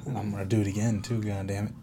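A man's voice: lowish voice, flat delivery, rapid-fire, noisy background. Young man bantering crudely on a podcast. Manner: crude banter, loud bursts of mock yelling. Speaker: podcast co-host. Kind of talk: casual chat.

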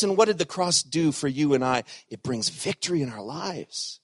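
A middle-aged man preaching a sermon as pastor, animated, swinging from loud emphatic lines to hushed asides. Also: a little high, moderate pace, husky, no room sound.

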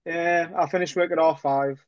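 A man's voice: on the high side, steady tone, moderate pace, no room sound. Man, muffled, wry repeater. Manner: wry, repeats his own lines. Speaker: podcast co-host. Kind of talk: casual chat. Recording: dull lo-fi sound.

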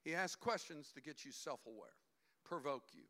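A male pastor preaching an animated sermon, acting out the voices of figures as he goes. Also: a little high, moderate pace.

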